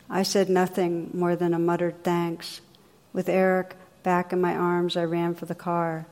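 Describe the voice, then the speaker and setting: Gentle woman teacher in an echoing hall. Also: fairly low pitch, monotone. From New Jersey, US. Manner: gentle, unhurried storytelling with soft pauses. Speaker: meditation teacher. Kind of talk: dharma talk, storytelling. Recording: long reverb of a hall.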